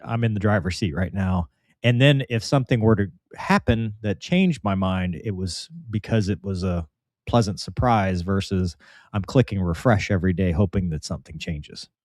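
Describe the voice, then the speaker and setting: Low-voiced man on a live chat show. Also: darkish tone, no echo, clean studio sound. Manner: reflective, halting, with frequent restarts. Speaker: co-host reading viewer chat.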